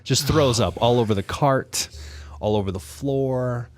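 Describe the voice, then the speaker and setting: A man co-hosting a podcast, telling a long story in a casual, animated way and acting out other people's voices. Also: medium pitch, a little slow. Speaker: podcast co-host.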